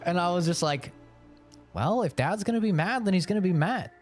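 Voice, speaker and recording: A man's voice: sits high, lively intonation, fairly quick, soft background music. A young man streaming games and chatting casually, rambling frankly, swearing freely, and laughing often. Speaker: gaming streamer. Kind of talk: casual live-stream chat.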